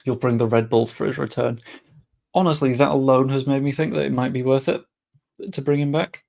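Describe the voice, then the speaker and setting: Gravelly man narrating gameplay. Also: mid-range voice, fairly even intonation, a little fast, darkish tone. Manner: muttering, chatty, swears offhand. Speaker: gaming streamer. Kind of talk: casual gameplay commentary.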